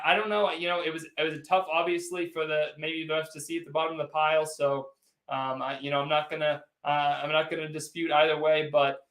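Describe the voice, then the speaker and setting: High-voiced man hosting a rambling sports stream. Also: fairly bright tone. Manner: rambling, teasing, talks straight to viewers. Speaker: sports livestream host. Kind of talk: casual postgame livestream, reading viewer chats. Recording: echoey room.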